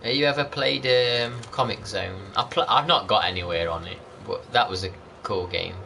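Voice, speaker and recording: A man's voice: on the low side, moderate pace, vocal fry, sharp tone, slight background noise. A man chatting casually over gameplay as a channel host, rambling and greeting viewers by name.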